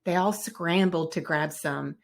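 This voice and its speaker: A woman's voice: lowish voice, unhurried, creaky. A woman reading a children's picture book aloud, narrating expressively and voicing the characters. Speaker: storybook read-aloud narrator.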